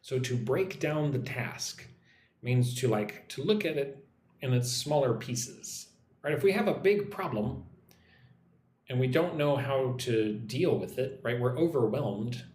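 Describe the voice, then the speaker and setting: Lively male English teacher, echoey room. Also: mid-range voice. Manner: models pronunciation slowly, reads chat comments aloud. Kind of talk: live-streamed English lesson.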